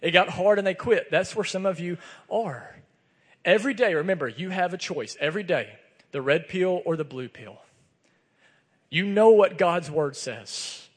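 A man's voice: sits high, expressive, moderate pace, slightly rough. A man preaching a sermon as pastor, earnest and conversational, telling personal stories. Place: church sanctuary. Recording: long reverb of a church hall.

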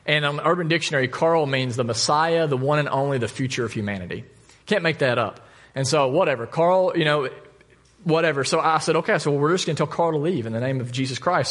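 A male pastor preaching a sermon, telling a story with lively asides and jokes. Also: fairly high pitch. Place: church.

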